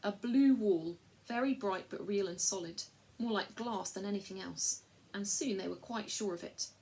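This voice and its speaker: A woman reading a children's storybook aloud at a measured, even pace. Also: mid-range voice, slight background noise. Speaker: reader.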